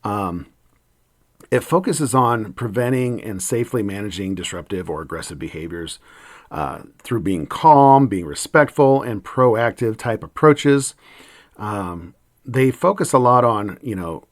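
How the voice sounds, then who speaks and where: Male podcast host, low and even, unhurried reflective talk with filler words, dry close sound. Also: no room sound. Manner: calm, steady, conversational with frequent fillers.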